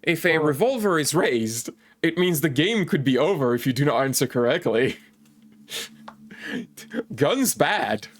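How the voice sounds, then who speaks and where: A man's voice: a little high, sing-song, a little slow, long pauses. A man streaming a game, reading its text aloud, stumbling over foreign words and breaking off for joking asides.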